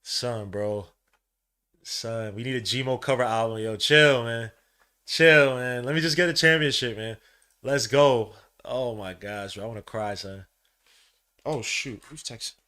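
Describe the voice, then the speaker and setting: New guy hosting a live game watch-along, bright voice, slangy, gets loud and hyped. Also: unhurried. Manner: excitable, swings from low mutters to loud cheering; casual slang, calls listeners bro and son. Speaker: podcast host.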